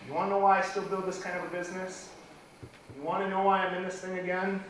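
A middle-aged man giving an impassioned motivational speech at a business event, building to near-shouting. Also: high voice, monotone, fast. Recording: echoey hall from far off, faint noise.

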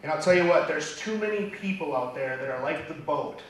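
A middle-aged man giving an impassioned motivational speech at a business event, building to near-shouting. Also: on the high side, lively intonation, a little fast. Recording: echoey hall from far off, faint noise.

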